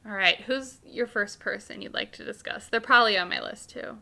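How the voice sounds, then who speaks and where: A woman's voice: medium pitch, brisk, vocal fry, pushed and bright. A young woman co-hosting a podcast in casual chat, upbeat and filling her talk with "like". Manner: upbeat, says "like" a lot. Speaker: podcast co-host.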